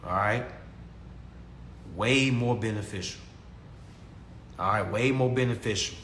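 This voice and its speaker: His voice sits fairly low and sounds a bit bright, unhurried, with a little hiss or hum. In a casual, preachy talk, the young man walks his followers through consumer law, repeating points and calling them family, recorded in an echoey space with faint ambience.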